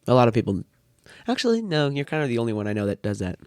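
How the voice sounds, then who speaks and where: A thirteen-year-old boy talks as a podcast guest, rambling through his thoughts with a dry, teasing wit. His voice sits at a middling pitch for a male speaker. The recording is close and dry, with no room sound. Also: sing-song, rapid-fire, a little mellow, smooth, no echo. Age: teens. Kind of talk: casual chat.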